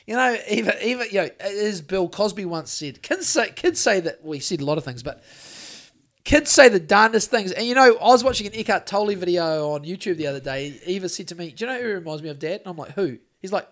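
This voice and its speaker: A man from New Zealand co-hosts a podcast in casual chat, rambling, swearing and restarting often. His high voice is brisk and a bit bright, with lively intonation.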